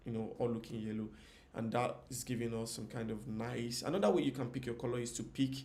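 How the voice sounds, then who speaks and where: A man's voice: medium pitch, a little mellow. Chatty male design tutor. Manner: chatty, repeats phrases, talks to viewers in comments. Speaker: UI designer teaching. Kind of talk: casual live design tutorial.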